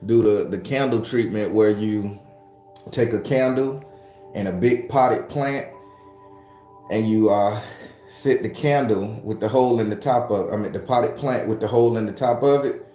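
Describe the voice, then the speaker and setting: Low mellow guy just rambling to his viewers, swears a lot, echoey room. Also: measured pace. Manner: loose, rambling and profane, talking straight to viewers. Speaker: host of a morning prayer stream. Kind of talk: casual chat. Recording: echoey room with faint music.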